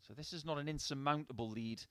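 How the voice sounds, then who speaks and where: A man's voice: on the high side, quick pace, a little hiss or hum. A man giving live darts commentary in a chatty, upbeat way with small personal asides.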